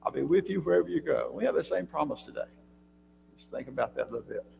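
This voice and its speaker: Gravelly man teaching a church Bible class. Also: fairly high pitch, lively intonation, fast talker, a little mellow, muffled recording. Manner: conversational, quizzes the class with questions; frequent throat clearing and restarts. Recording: reverberant church room with faint hum.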